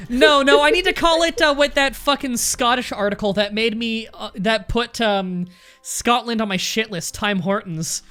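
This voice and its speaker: A woman's voice: on the high side, moderate pace, fairly bright tone. A Canadian woman commenting on a game she plays, ranting in mock outrage and swearing a lot. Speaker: let's play host. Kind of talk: casual gameplay commentary.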